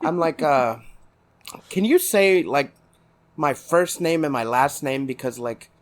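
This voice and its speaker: A man's voice: medium pitch, slow. A man from South Texas, co-hosting a podcast in casual chat and telling meandering anecdotes. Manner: laid-back, meandering anecdotes. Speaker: podcast co-host.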